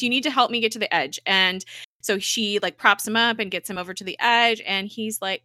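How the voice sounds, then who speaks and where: Bright-voiced woman recapping a show. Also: mid-range voice, moderate pace, no room sound, clean studio sound. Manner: animated retelling, acts out characters' lines. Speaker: podcast co-host. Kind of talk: casual TV recap chat.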